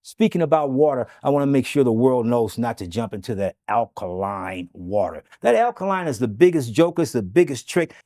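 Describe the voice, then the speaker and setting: A man being interviewed who tells animated stories and acts out the quoted dialogue. He keeps stopping to ask "okay?" to drive his points home. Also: medium pitch, brisk, few pauses, no echo, studio quality. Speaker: interview guest. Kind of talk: storytelling interview.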